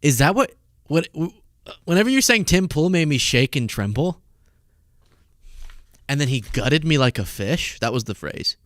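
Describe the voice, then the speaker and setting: A man's voice: normal speed, pauses often, no echo, clean studio sound. A man hosting a casual political commentary show, laughing and mocking as he reacts to clips. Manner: animated, laughing, mocking, high-pitched impressions. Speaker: host. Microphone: studio mic.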